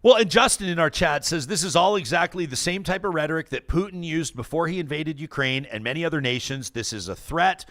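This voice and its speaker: A man hosts a casual political talk show, his voice sitting a touch high for a man. He rambles as he thinks aloud and restarts his sentences often. Now and then he reads out viewer comments. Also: expressive, fairly quick, hardly any pauses, a bit bright.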